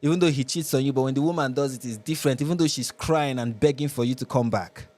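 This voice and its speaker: A man's voice: medium pitch, fast, darkish tone. A Nigerian man hosting a live reaction show, commenting with sarcasm and exasperation.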